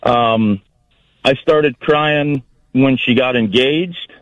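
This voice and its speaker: Slow-talking middle-aged male caller. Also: medium pitch, no echo, highs cut off. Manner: slow, warm-hearted, rambling. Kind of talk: casual call-in chat. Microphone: phone line.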